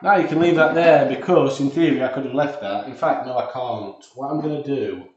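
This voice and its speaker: A man's voice: mid-range voice, brisk, darkish tone, slight background noise. A man with a Yorkshire accent hosting a casual cooking livestream, rambling and talking to himself as he searches his kitchen. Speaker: livestream cook. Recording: very echoey, off-mic, dull sound.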